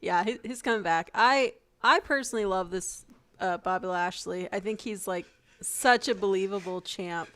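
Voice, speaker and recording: A woman's voice: medium pitch, normal speed, a bit bright. Woman chiming in on a podcast. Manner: dry, teasing interjections. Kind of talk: casual chat.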